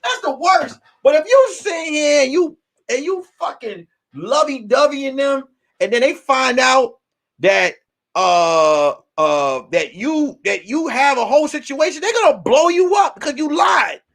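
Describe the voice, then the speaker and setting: A man hosting as a comedian, ranting in a casual, profane, animated way and circling back to repeat his points. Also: very high-pitched, a little slow, vocal fry. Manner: animated, profane, repetitive storytelling. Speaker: comedian host. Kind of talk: casual live-stream rant.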